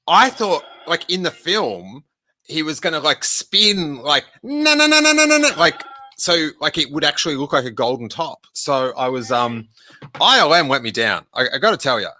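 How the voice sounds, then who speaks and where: A podcast host reading a children's book aloud, jokey and animated, breaking in to do character voices and make asides. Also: male voice, a little high. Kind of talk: casual read-aloud with commentary.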